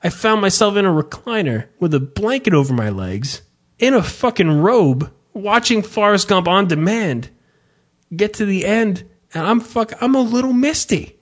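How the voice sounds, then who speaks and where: A man's voice: high voice, moderate pace. A man in his thirties, a podcast host in casual profane chat, mock-ranting. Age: 30s. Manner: animated, swearing, mock-ranting.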